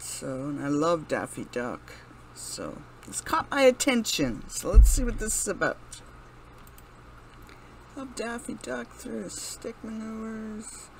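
A woman's voice: medium pitch, slight background noise, low-quality recording. A woman hosting her gaming channel, casually commenting as she plays, reading commands aloud, laughing and exclaiming. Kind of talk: casual let's-play commentary.

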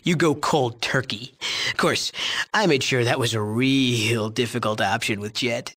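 An actor plays a video game's young male drug chemist, arrogant and crude, who brags and mocks in a sneering, profane way. He speaks at medium pitch, unhurriedly, with a slightly bright quality.

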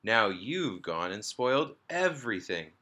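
A man voicing a loud, exasperated older brother playing pretend, reading a children's storybook aloud. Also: on the low side, big pitch swings, unhurried, full character voice.

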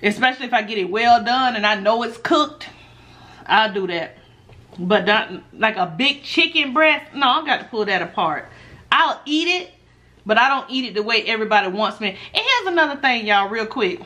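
A woman chatting casually while she eats on camera, reading viewer questions aloud and answering in a laid-back, animated way that often breaks into laughs. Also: fairly high pitch, normal speed. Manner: animated, laughs often when telling stories. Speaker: mukbang vlogger.

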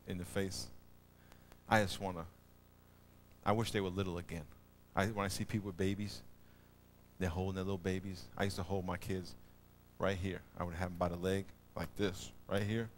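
A middle-aged man preaching a sermon as pastor, animated and folksy, telling stories with loud emphatic bursts. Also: low-pitched, slight background noise. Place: church auditorium.

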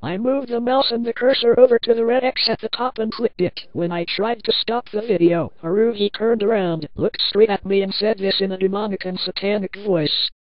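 A woman's voice: mid-range voice, steady tone, normal speed, hardly any pauses, no room sound. Woman reading a horror story, lo-fi. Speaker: narrator.

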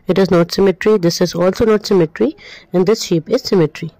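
A woman's voice: on the low side, fairly even intonation, brisk, warm tone, no echo, poor audio. A woman, going through a maths workbook as a tutor, stating answers one by one and repeating them. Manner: plain step-by-step explaining, repeats answers. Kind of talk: workbook walkthrough lesson.

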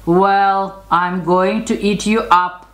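An older woman voicing a big, hungry male troll in a storybook reading, speaking slowly and loudly with a menacing tone. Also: fairly even intonation, reverberant, lightly acted. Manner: slow, booming, menacing.

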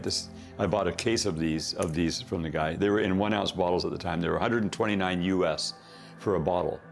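A man's voice: sits low, vocal fry. A man, a company founder, telling a rambling story in a casual interview, correcting himself often and laughing.

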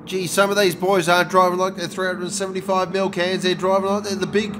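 A man commentating a sim race, joking and bursting out loud at each incident. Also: high voice, little pitch movement, brisk. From Australia. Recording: noisy with engine sound behind.

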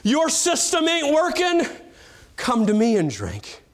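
High-voiced preacher man with dramatic swings. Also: huge pitch swings, slow. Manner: dramatic revival preaching, builds to shouts then drops low. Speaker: evangelist preaching. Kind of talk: sermon.

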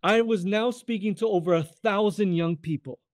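A young man from California telling his faith testimony as an interview guest, animated and acting out the voices of the people in his story. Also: high-pitched, normal speed, no echo, studio quality. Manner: animated, acts out quoted voices, addresses the host by name often.

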